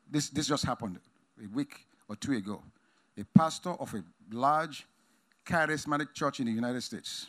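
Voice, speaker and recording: A man preaching a sermon emphatically, swinging between loud exclamations and quiet asides. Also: mid-range voice. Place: conference hall.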